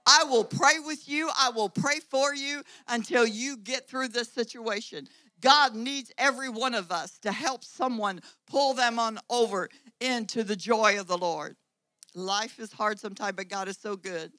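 A woman's voice: on the high side, measured pace, bright, forceful tone, dry recording, rough recording. A woman preacher giving a sermon, driving points home with repeated phrases and rising volume.

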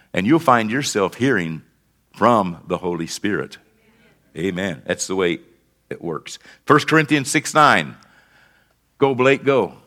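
Animated, bright-voiced male pastor preaching. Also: high-pitched. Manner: conversational preaching, rising to emphatic declarations. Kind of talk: sermon.

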